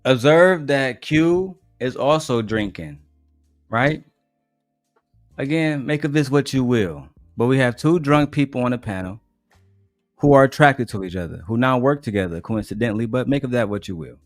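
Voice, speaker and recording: A man talks his viewers through a clip in a wry, deliberate way. His voice sits at an ordinary pitch. The sound is dry and close. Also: expressive, dry recording, faint music behind. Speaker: livestream host reacting to a clip. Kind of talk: live reaction commentary.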